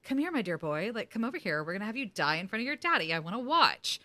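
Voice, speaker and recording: A gloating, cruel male sky god, as a woman puts him on in a taunting mock. The delivery is creepy and sing-song, in a bright, forward voice close to her own. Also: mid-range voice, very animated, fast, no echo.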